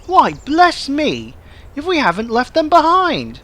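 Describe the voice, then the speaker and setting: A man voicing a small, cheeky, boastful young male tank engine in a storybook reading, his voice high and excitable. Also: slow pace, exaggerated voice. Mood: proud. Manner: eager, fussing. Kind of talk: storybook narration.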